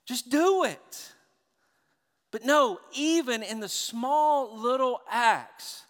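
Pastor guy preaching, pretty high voice, big echo trailing off every line. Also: takes it slowly. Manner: animated preaching, swings from quiet to loud. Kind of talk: sermon. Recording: long hall reverb.

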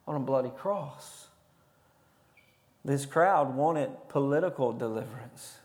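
A pastor delivering a sermon in a high, bright male voice. He moves between loud, drawn-out declarations and low, hushed stretches, pressing his points on the congregation. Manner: dynamic preaching, swings from loud declaring to hushed intensity.

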